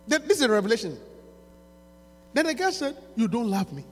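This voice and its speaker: A man, preaching a sermon by retelling a story, going from quiet asides to shouting. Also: very high voice, big pitch swings, fairly quick, long pauses, slightly rough. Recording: reverberant hall with mains hum.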